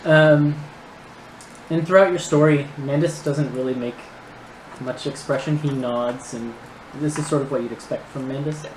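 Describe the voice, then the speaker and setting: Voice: mid-range voice, steady tone, normal speed. A game master narrating a tabletop game in a casual way, with frequent fillers and laughs. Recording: roomy echo, noisy stream audio.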